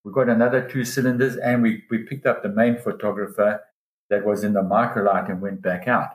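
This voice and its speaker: A man with a fairly low voice tells a long diving story in a relaxed interview. He gets animated and jumps up in pitch when he quotes other people. The room has a noticeable echo. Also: fairly quick. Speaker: dive guide telling a story. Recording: roomy echo.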